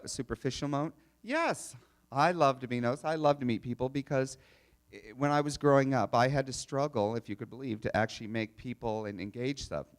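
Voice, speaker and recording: Male expo speaker: chatty, animated storyteller, mid-pitched voice. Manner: chatty, animated, restarts and laughs. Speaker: speaker telling stories at an expo. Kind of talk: storytelling talk to a live audience.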